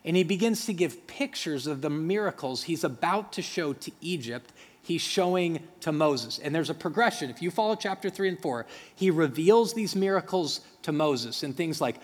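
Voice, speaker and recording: A man preaching a sermon as pastor, animated and conversational, acting out the dialogue between speakers in the story with asides to the congregation. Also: fairly high pitch, moderate pace, few pauses. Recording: reverberant hall.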